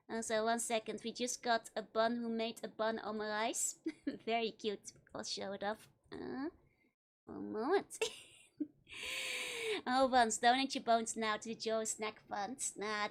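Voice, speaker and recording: Giggly high-voiced Dutch woman streamer. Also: fairly bright tone. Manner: giggly, playful, laughs often between lines. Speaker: virtual streamer. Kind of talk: casual livestream chat with viewers.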